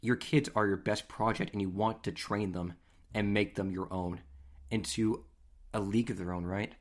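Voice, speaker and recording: A man hosting a podcast, telling stories in a casual, animated, conversational way. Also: fairly low pitch, normal speed. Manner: animated, conversational, acts out scenes. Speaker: podcast host. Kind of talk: casual storytelling.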